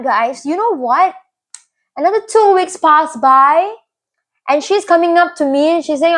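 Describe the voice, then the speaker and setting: High-voiced young woman, earnest. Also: animated, unhurried, a bit bright. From Malaysia. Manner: earnest and confiding, often tags lines with "right?". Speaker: vlogger. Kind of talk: personal storytelling to camera.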